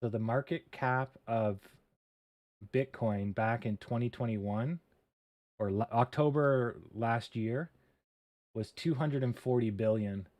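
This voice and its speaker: The livestream host has a mid-range voice and a slow delivery as he works on code and reads charts in a casual chat. Muttering in a relaxed way, he laughs at his own errors and lets out the occasional mild swear.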